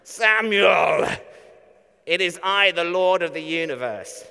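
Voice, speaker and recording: A man's voice: high-pitched, expressive, slow, vocal fry, pushed and bright, smooth, pitched above the performer's own voice, exaggerated voice. A man putting on the voice of a grand, archaic-speaking male God in a mock churchy manner, in a church hall. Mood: booming. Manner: grandiose, old-fashioned churchy delivery.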